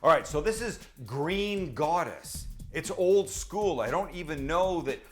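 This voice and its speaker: A man's voice: on the high side, expressive, unhurried. Middle-aged guy cooking in his kitchen, chatty, jokes around with the crew, faint music under it. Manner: chatty, teasing, answers his own questions. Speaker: cooking show host. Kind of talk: casual cooking demonstration. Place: home kitchen with low ceilings. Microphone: handheld mic held close at times.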